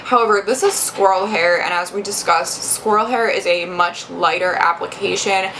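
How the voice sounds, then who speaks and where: A woman's voice: mid-range voice, moderate pace, a bit bright, slight background noise, poor audio. A young adult woman giving a casual makeup review, chatty and rambling with lots of fillers and restarts. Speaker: beauty vlogger.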